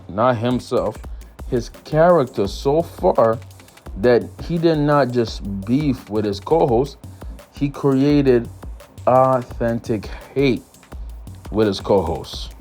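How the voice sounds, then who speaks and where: A man's voice: medium pitch, darkish tone. A man hosting his own channel, giving solo sports media commentary in a casual, emphatic way and repeating phrases for stress. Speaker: YouTube commentary host.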